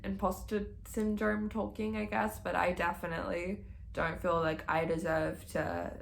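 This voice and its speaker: A woman's voice: on the low side, little pitch movement, a little slow, creaky, slight background noise. A young woman in her early twenties chatting casually in a reading vlog, gushing and swearing freely. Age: young adult. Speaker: book vlogger.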